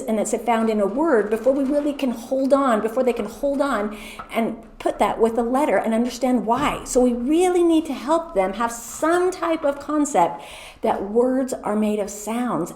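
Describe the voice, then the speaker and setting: A woman's voice: a little high, darkish tone. Woman coaching teachers in an echoey room. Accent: American. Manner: clear, explanatory, acts out slow sounds. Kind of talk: teacher training presentation.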